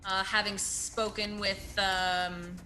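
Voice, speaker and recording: A woman's voice: mid-range voice, level tone, takes it slowly, bright, forceful tone. A woman player describing her character's actions in a tabletop game, hesitant and searching for words, with music behind. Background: background music.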